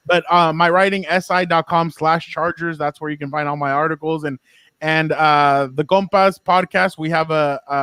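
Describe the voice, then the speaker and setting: A man's voice: fairly high pitch, fairly bright tone, dry recording. A man guesting on a sports podcast as a beat writer, talking in an enthusiastic, chatty way with lots of fillers and restarts. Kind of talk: casual chat.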